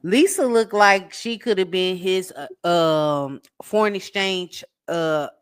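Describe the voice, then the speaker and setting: A woman with a somewhat low voice co-hosting a casual recap chat about a reality show. She gives blunt, opinionated takes in an unhurried, candid way. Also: smooth. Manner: laid-back, opinionated, candid. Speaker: co-host.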